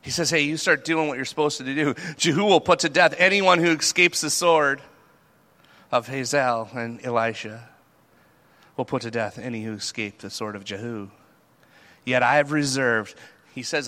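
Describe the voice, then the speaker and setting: A man preaching a sermon in a conversational, animated way, acting out the people he talks about. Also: medium pitch, measured pace. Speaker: pastor.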